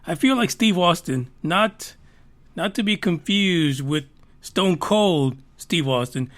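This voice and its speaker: A man with a noticeably high voice chats on a live podcast stream. He rambles, jokes and swears freely, a little loose after a few drinks. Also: lively intonation, slow pace, fairly bright tone. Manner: rambling, profane, joking. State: tipsy from drinking. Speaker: podcast host. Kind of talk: casual live-stream chat.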